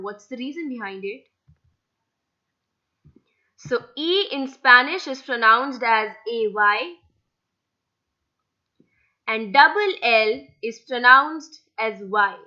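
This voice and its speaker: Young woman tutor, high bright voice, slow and patient, kinda muffled lo-fi audio. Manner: patient, spells words out letter by letter. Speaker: Spanish language tutor. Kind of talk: slide-based language lesson.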